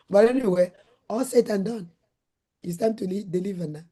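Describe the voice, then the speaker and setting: Middle-aged Nigerian woman host, dark warm tone, animated storyteller. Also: fairly low pitch, moderate pace, breathy edge. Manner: acts out her own shouted lines in a raised voice. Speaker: host, former nurse and midwife.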